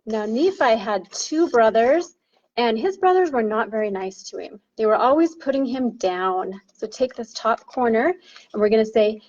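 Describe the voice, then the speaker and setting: A woman's voice: fairly high pitch, expressive, normal speed, darkish tone, highs cut off. A woman leading a children's song lesson in a sing-song teacher voice, demonstrating a paper-folding activity. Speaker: primary chorister.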